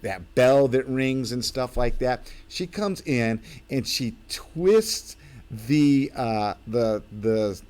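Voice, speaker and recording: A man's voice: medium pitch, darkish tone. A man hosting his own live stream, chatting loosely and rambling through stories with lots of fillers. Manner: rambling, full of fillers and restarts. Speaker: host of his own channel. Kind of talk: live-stream casual chat.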